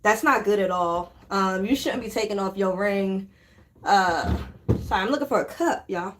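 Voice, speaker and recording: A flight attendant woman gossiping casually to the camera, animated and laughing between sentences, from a hotel room on a layover. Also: medium pitch, moderate pace, noisy background. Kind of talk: casual chatty storytime to camera.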